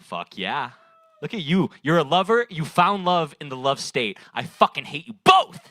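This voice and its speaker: A man's voice: a little high, sing-song, moderate pace, sharp tone, dry recording. A young man doing improvised stand-up at an open mic, loose and rambling, swearing and laughing at his own jokes into a handheld mic. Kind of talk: improvised stand-up crowd work. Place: small bar stage. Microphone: handheld stage mic.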